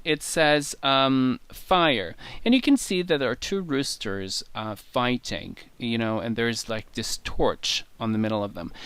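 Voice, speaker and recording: A man speaks as a guest, enthusiastic and rambling as he walks through his cards. His voice is bright and smooth. The sound is close and dry, with no room in it. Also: mid-range voice, no room sound. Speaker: guest tarot reader. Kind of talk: conversational show-and-tell interview.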